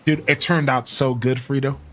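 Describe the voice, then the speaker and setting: He speaks in a mid-range, steady voice that's fairly bright, at a moderate pace. An easygoing streamer, he chats in a friendly, casual way with his viewers as quiet music runs beneath.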